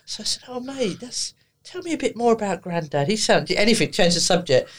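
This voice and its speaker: Woman, therapist guest, storytelling, laughs as she talks, middle pitch. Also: brisk. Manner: lively, laughing as she tells stories, acting out dialogue. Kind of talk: anecdotal storytelling on a podcast.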